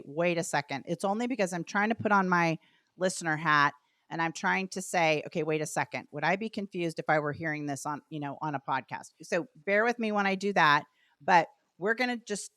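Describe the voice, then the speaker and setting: A woman hosting a podcast, talking in a bubbly, chatty way with animated asides. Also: mid-range voice, no room sound, clean studio sound. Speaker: podcast host. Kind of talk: casual podcast chat.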